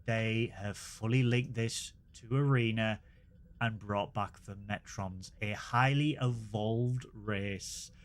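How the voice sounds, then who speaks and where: A man, co-hosting a casual review podcast, recapping in an animated, playful way. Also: fairly low pitch, takes it slowly. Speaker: podcast co-host.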